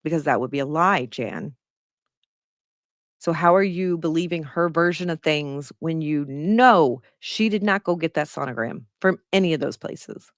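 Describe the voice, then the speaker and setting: A woman's voice: sits low, normal speed, no room sound, clean studio sound. Blunt, sarcastic middle-aged woman commentator. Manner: blunt, sarcastic, swears freely. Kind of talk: casual commentary reading an article.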